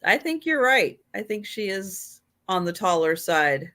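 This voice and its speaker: A woman co-hosting a live sale stream who speaks slowly and unhurriedly. She describes items in a matter-of-fact, casual way, with a mid-range voice. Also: medium pitch, very animated, sharp tone. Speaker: co-host and seller. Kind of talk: casual livestream chat.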